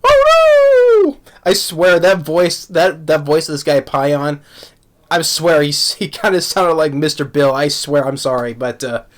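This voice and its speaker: A man giving a casual spoken anime review, halting with many restarts and repeated words, laughing often. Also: fairly high pitch. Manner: laughs often while talking.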